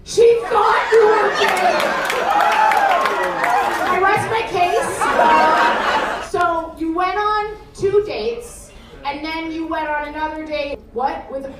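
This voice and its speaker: A woman's voice: very high voice, steady tone, slow, recorded from a distance. A woman comedian doing exasperated, mocking crowd work. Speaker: stand-up comedian. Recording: very echoey venue from afar, loud crowd.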